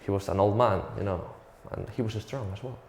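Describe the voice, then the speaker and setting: A man's voice: lowish voice, a little fast, darkish tone, reverberant. Spanish-accented man doing stand-up. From Spain. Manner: profane, self-mocking storytelling. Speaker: stand-up comedian. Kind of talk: stand-up comedy routine.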